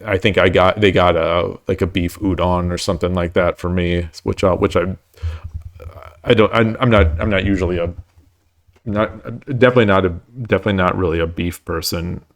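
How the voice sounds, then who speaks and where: A man with a slightly low voice talks through his online games at home on a live stream. He rambles and stumbles, repeating words as he thinks aloud. He keeps making light of his own losing run. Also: steady tone, a little fast. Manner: self-deprecating about his losses. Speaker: shogi streamer. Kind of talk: live-stream commentary while playing.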